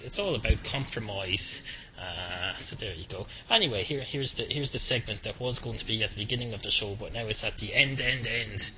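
A man's voice: low voice, poor audio. A man hosting his own podcast alone, rambling in a dry, self-mocking way with many fillers and restarts. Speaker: podcast host. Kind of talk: rambling solo podcast monologue. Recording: music clearly heard behind the voice. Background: background music.

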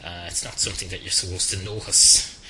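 A man's voice: low-pitched, steady tone, brisk, pushed and bright, a little hiss or hum, poor audio. A man hosting his own podcast alone, rambling in a dry, self-mocking way with many fillers and restarts. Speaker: podcast host. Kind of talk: rambling solo podcast monologue. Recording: music clearly heard behind the voice. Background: background music.

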